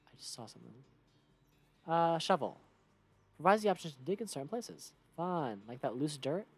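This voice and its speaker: A woman's voice: sits low, expressive, moderate pace, a little mellow, breathy edge. A woman streamer casually commenting on a game and reading its text aloud, playful and chatty.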